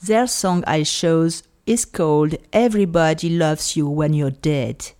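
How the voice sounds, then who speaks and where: A woman's voice: low voice, unhurried, darkish tone. A woman with a French accent hosting a podcast, speaking earnestly and choosing her words with care. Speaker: podcast host. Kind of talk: podcast monologue.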